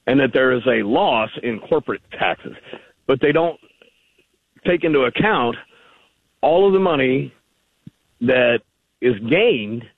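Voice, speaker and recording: A man calls in to a radio show over a tinny, narrow phone line, his voice gravelly with a steady fry. He argues his point persistently, rambling through loose sentences. The line sounds dry, without any room echo. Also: mid-range voice. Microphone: telephone.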